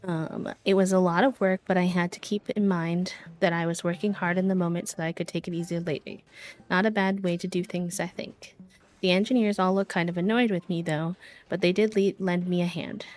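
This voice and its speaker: Brief: a sly, lazy gang villain, voiced by a woman plotting in a low, quiet tone. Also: fairly even intonation, fairly quick, close to an everyday voice. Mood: scheming. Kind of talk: reading game dialogue aloud.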